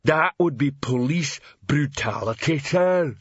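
Slow-witted male troll sergeant, proud and ungrammatical, voiced by a male reader; slightly dull, dry sound. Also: a little high, animated, husky, no room sound, voice pushed up, full character voice. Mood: earnest.

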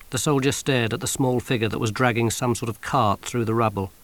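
A man narrating an audiobook in an expressive, wry storytelling manner on a close studio mic. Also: mid-range voice, a little fast, few pauses.

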